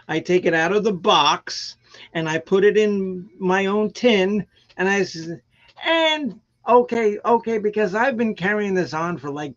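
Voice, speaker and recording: A man hosting a live stream, talking in a rambling, animated way and laughing often. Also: high-pitched, dull audio. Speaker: host of a live music stream. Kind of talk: casual chat.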